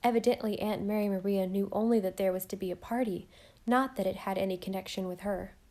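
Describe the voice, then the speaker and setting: A woman reading a novel aloud in calm, even storytelling narration. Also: mid-range voice, fast talker. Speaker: audiobook narrator. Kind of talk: scripted narration.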